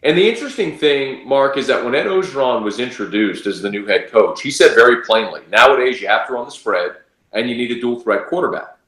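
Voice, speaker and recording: A man's voice: medium pitch, fairly quick, a bit bright, echoey room. A man giving confident, emphatic college football analysis as a radio sports guest. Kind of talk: casual sports talk analysis.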